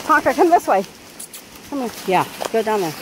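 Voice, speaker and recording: Filmed on a handheld camera beside a waterfall, a woman vlogger coaxes her dog and laughs a lot in casual chatter. Her voice is a little high and sing-song, and loud rushing water fills the audio.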